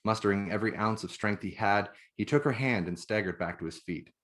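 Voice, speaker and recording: A man, the author, reading his own novel aloud in measured, even narration. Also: lowish voice.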